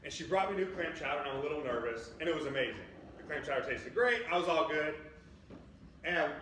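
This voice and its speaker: A young male preacher tells a story in a loose, conversational sermon, tossing in plenty of "like" fillers. His voice sits a touch high for a man. It rings through a very echoey church sanctuary and is picked up from some distance, with a faint hiss underneath. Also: fairly bright tone. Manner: chatty, upbeat, full of "like" fillers.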